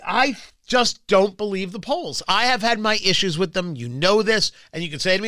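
Animated talk radio host, a man. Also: sits high, brisk, no room sound, studio quality. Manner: emphatic and sarcastic, mocking voices in asides. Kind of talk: political talk radio commentary.

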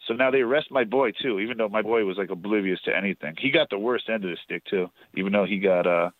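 A man's voice: lowish voice, fast, no room sound, phone-quality sound. A man from New Jersey telling profane, rambling stories as a podcast guest. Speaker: podcast guest, show promoter. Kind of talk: casual storytelling.

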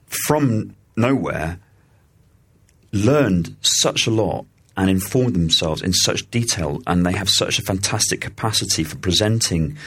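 A man co-hosting a podcast in casual chat, animated and chuckling, with frequent restarts. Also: sits low, slightly rough. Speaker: podcast co-host.

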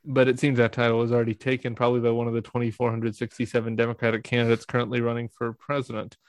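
A man with a gravelly edge reads a parody memoir aloud with mock-serious deadpan. His voice sits close and dry, with no room around it. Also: medium pitch, very fast, no room sound. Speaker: podcast guest. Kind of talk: comedic reading of a parody memoir.

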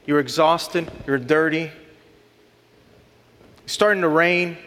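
A man's voice: fairly high pitch, steady tone, slow pace, fairly bright tone. Earnest preaching man in a reverberant hall. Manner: earnest, builds to rising emphatic lists. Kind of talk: sermon.

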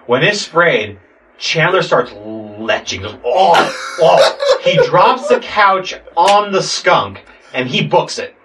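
A man's voice: a little high, takes it slowly, background noise. Young man telling a wild story, far from the mic. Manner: animated, acts out voices, swears a lot. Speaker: podcast guest telling a story. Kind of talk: casual storytelling. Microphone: sitting far from the mic. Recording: distant mic in a room.

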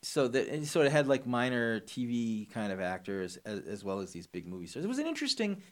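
A man co-hosting a casual movie chat, talking in halting bursts with many restarts and a wry edge. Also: mid-range voice, sing-song. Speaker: podcast co-host.

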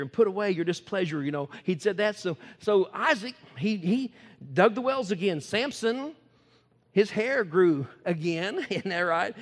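A high-pitched man preaching a sermon in a folksy, chuckling manner. He swings from loud exclamations to quiet asides. His voice rings with the long reverb of a church hall. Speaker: pastor.

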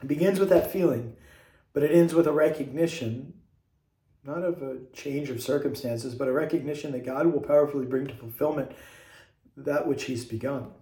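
Earnest priest in an echoey room. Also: male voice, medium pitch, moderate pace, warm tone. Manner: earnest, direct, urging the listener. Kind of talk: homily addressed to viewers.

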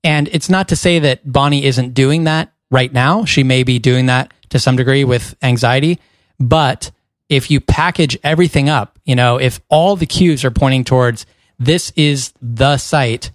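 A man co-hosting a casual podcast, explaining things in a steady, measured way. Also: medium pitch, dry recording, studio quality. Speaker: podcast co-host.

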